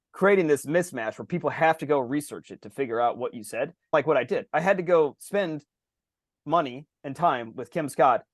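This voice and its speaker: A man's voice: on the high side, dry recording, clean studio sound. A man co-hosting a podcast in casual chat, rambling and telling stories with lots of "like" and acted-out quotes, swearing casually. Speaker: podcast co-host.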